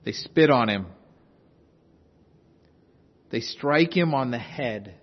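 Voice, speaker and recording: A man's voice: medium pitch, expressive, takes it slowly, lo-fi sound. Impassioned preacher man in a reverberant hall. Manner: impassioned, swings from loud urgency to hushed intensity. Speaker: pastor. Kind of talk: sermon.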